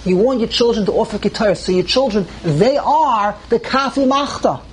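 A man teaching a Torah lesson to a live class. He asks rhetorical questions, restarts phrases while thinking aloud and climbs higher in pitch when he stresses a point. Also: lively intonation, moderate pace, a little hiss or hum, poor audio.

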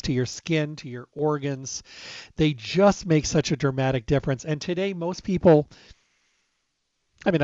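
A man's voice: on the high side, a little mellow, dry recording. A man hosting a casual health talk, telling a personal story and acting out the dialogue in a conversational way. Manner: conversational, retells dialogue, stresses repeated words. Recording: dull dry lo-fi recording.

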